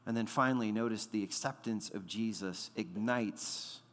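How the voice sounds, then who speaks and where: A man's voice: fairly low pitch, normal speed, a bit bright. A man in his thirties preaching a sermon as pastor, conversational, with frequent fillers and repeated words. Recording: long hall reverb.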